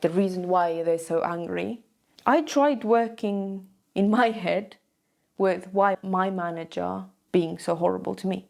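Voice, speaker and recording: A young woman speaks straight to her viewers, retelling a story in a loose, conversational way and checking in with them as she goes. Her voice sits at an ordinary middle pitch with a steady gravelly fry running through it. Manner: chatty, frequent "like" and "okay?" check-ins. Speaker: vlogger. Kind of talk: casual storytelling to camera.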